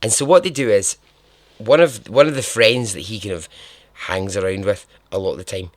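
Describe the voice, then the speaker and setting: A man's voice: on the low side, normal speed, dry recording. A man hosting a podcast, telling a true-crime story in a casual, chatty way, laughing and swearing now and then. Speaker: podcast host.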